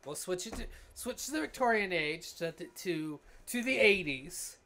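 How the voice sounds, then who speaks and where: A woman's voice: on the low side, lively intonation, unhurried, a bit bright, a little hiss or hum. A woman co-hosting a podcast in casual chat, adding wry joking asides. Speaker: podcast co-host.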